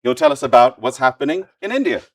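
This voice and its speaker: Hurried man giving a live demo. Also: mid-range voice, expressive, a little hiss or hum. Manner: hurried, halting, many restarts. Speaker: presenter demonstrating software. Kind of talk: live product demo talk. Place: festival lab presentation.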